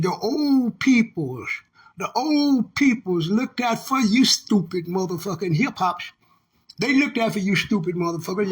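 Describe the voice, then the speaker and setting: Older man with a drawl, high husky voice, profane preachy rant. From Texas. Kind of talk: casual monologue rant.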